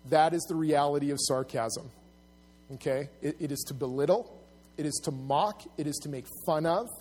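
A man preaching a sermon to his congregation, earnest and plain-spoken, often restarting his sentences. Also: normal speed. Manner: earnest, restarts often, rises loud and high when acting out mockers. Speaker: pastor.

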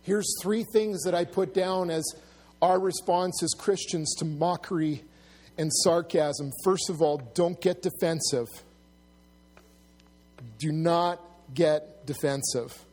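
Man, pastor, sermon, earnest, halting restarts, fairly high voice. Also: steady tone. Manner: earnest, restarts often, rises loud and high when acting out mockers.

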